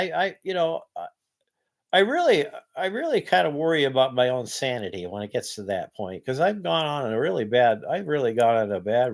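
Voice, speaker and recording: A man in his sixties talking in a casual vlog monologue, tired and worn out, halting with many restarts and rising into angry rants. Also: mid-range voice. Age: 60s. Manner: halting, many restarts, rises to loud ranting. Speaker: vlogger.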